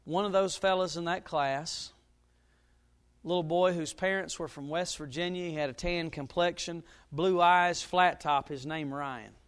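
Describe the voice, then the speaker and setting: A middle-aged man, a pastor, preaching a sermon and telling a story, his voice now and then jumping up loud. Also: on the high side, steady tone, unhurried, smooth. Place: church.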